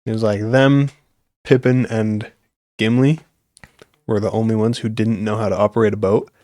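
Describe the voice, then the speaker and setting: A man's voice: lowish voice, little pitch movement, normal speed, mellow, dry recording, studio quality. A young man hosting a podcast, rambling on earnestly in a casual chat, with many fillers. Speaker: podcast host.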